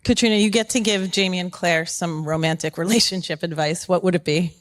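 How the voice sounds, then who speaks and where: A woman's voice: lowish voice, fairly even intonation, a little fast. Upbeat woman moderating a panel. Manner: upbeat, teasing, giggly.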